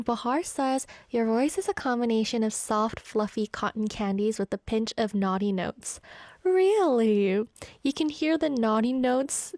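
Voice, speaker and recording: A woman's voice: on the high side, a little mellow, dry recording. A woman radio DJ chatting live and reading listener comments aloud from a studio. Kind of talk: live radio show chat.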